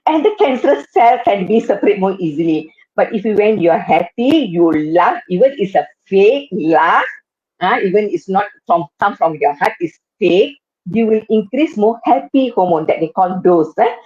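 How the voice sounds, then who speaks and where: A woman in her fifties with a Malaysian English accent speaks at mid pitch and normal speed, her intonation lively and her tone a little mellow, though the audio is dull. She's a guest on a live web show, a cancer survivor and occupational therapist earnestly telling her personal story and often repeating phrases for emphasis.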